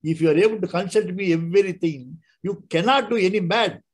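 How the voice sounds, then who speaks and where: An older man, giving a devotional talk and telling stories with acted-out dialogue and halting restarts. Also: sits high, husky, rough recording. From India. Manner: halting, repeats words and restarts, acts out dialogue. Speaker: spiritual speaker.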